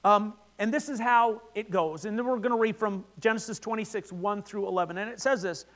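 A man with a notably high voice preaching a sermon. He retells the scripture story in a loose, conversational way, with quick asides, and often stumbles over repeated words at the start of sentences. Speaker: pastor.

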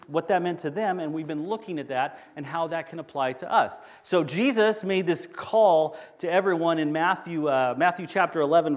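A middle-aged man, a campus pastor, preaching a sermon in a church sanctuary in a conversational, storytelling way and asking the congregation questions. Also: a little high.

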